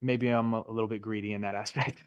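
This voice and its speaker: A man's voice: on the low side, animated, moderate pace, clear, resonant tone, dry recording, lo-fi sound. A middle-aged man teaching a live real estate license class in a Florida classroom, chatty and jokey, often quizzing his students.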